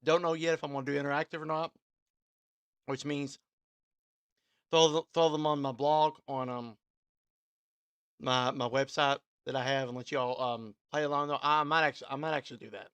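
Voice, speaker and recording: A man's voice: a little high, fairly even intonation, moderate pace, pauses often, a bit bright, smooth, dry recording. Guy dj rambling through his sign-off, lots of ums, dry close sound. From Kentucky, USA. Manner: rambling, full of ums and restarts. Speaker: radio host and DJ. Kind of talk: casual live-stream sign-off.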